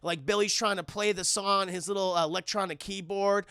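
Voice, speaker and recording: A young man streams a rambling, profane film breakdown and keeps calling out to his chat. His voice sits high with a bright, gravelly edge. The sound is dry and close on a desk mic. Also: fairly even intonation, brisk, no room sound. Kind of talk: casual chat.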